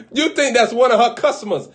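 A man preacher telling a comic, animated story, laughing often and acting out little scenes. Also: very high-pitched. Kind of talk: comedic storytelling riff.

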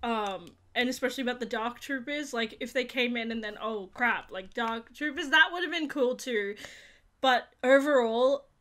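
A young woman hosting a casual review, rambling with lots of fillers and breaking into excited squeals. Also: a little high, moderate pace. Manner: gushing, rambling, full of fillers; bursts into squeals and laughs. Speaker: YouTube reaction host.

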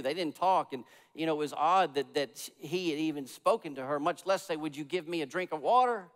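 A fairly high-voiced man preaches in a church sanctuary, his words trailing off into a long reverb. He builds to loud, emphatic peaks and then drops to near-whispered, reflective passages. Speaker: pastor. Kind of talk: sermon.

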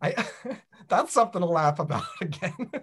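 A woman guides a laughter yoga group over a video call, breaking into laughter between her upbeat prompts. Her pitch swings widely as she coaxes the others along. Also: animated, normal speed, breathy edge. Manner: laughs through her words, upbeat coaxing.

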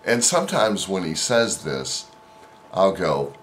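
A man's voice: rumbling low, moderate pace, slight background noise. A man vlogger casually telling an anecdote in a rambling way, with many fillers and restarts. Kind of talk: casual storytelling.

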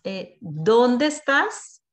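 Slow, lively woman from Colombia modeling Spanish. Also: on the high side. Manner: very slow, careful enunciation. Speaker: Spanish teacher. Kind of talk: modeling phrases for repetition. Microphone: video call.

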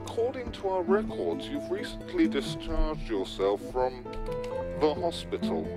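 A formal, very low-voiced operator. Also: female voice, big pitch swings, full character voice. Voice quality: measured, formal. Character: calm, bureaucratic emergency operator. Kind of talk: video game voice acting. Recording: game audio with heavy music.

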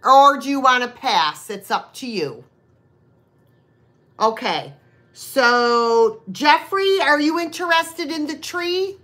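A woman hosts a live online sale in a slow, unhurried way, her bright voice rising and falling a lot. She chats casually with buyers and makes rambling, self-deprecating asides. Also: high voice, expressive. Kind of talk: casual live-stream selling chat.

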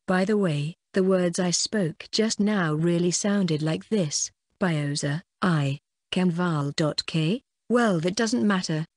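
A woman narrates a first-person light novel audiobook in a fairly low voice, with a dry and wry tone. The recording is close and dead, with no room sound at all. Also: darkish tone, no room sound.

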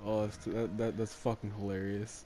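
A man's voice: on the low side, level tone, normal speed, dark tone, a little hiss or hum. A young man in casual voice chat with a friend while gaming, giving short, laid-back replies.

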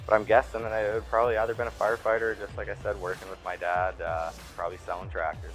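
A young man with a low, deep voice answers questions in a loose, rambling way, full of fillers and restarts. Faint music plays in the background. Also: little pitch movement, rapid-fire, low-quality recording. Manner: laid-back, rambling, many fillers and restarts. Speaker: interview guest, hockey player. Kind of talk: casual interview chat.

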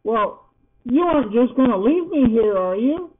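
A man's voice: very high-pitched, big pitch swings, moderate pace, pitched above the performer's own voice, heavily acted. A man voicing a small, timid young female mouse who pleads in a small voice. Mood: frightened. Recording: tinny phone-like sound.

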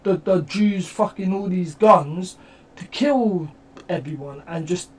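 An English man with a fairly high voice, talking through a reaction video in loose, slangy, emphatic bursts. He sits a little back from the mic, so he sounds slightly distant. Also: takes it slowly. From England. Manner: rambling, slangy and emphatic, swears a lot. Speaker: reaction YouTuber. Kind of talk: casual reaction commentary.

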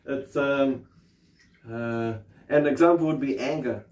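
A man's voice: mid-range voice, takes it slowly, a little mellow, far from the mic. A man giving a casual spiritual talk as a meditation teacher, swearing, laughing often and rambling with many fillers. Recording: roomy sound from off the mic.

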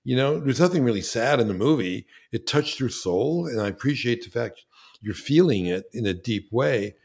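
A man who is a filmmaker guest on a podcast, speaking in a lively, enthusiastic way with frequent restarts. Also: medium pitch, moderate pace, gravelly, breathy edge. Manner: animated, enthusiastic, with frequent restarts and acted-out quotes. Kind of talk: casual interview conversation.

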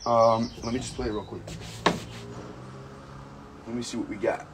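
A man's voice: medium pitch, flat delivery, normal speed, heavy background noise. A young man from the United States chatting casually on a livestream, rambling, joking and swearing while he reads comments. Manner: rambling, profane, filler-heavy, joking. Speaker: livestream host.

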